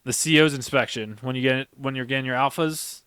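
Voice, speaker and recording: A man's voice: medium pitch, steady tone, brisk, a bit bright, clean tone, no echo, clean studio sound. A young man and former Marine sergeant who hosts a podcast. He tells stories in a rambling, emphatic way and swears heavily. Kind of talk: casual storytelling chat.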